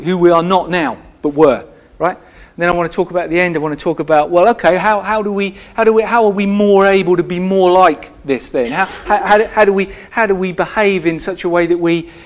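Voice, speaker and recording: A man preaching a sermon as the church's pastor, earnest and emphatic, repeating phrases and restarting his sentences. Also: a little high.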